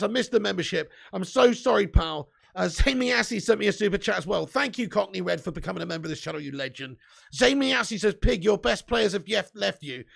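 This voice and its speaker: A man's voice: high voice, gravelly, a bit bright. A young man hosting a live stream, chatting casually with his viewers and bantering, swearing and laughing often.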